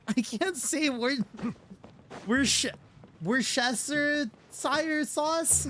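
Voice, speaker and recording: A man's voice: extremely high pitch, fairly bright tone, a little hiss or hum. A man streaming a game as a VTuber, chatting casually, exasperated and stumbling over words.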